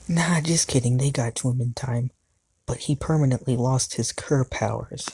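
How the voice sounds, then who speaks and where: A man recaps a cartoon series as a YouTube reviewer, his mid-range voice measured in pace with a breathy edge and no echo. He stays playful, tossing jokey asides to viewers, and grows louder and more animated during the climax.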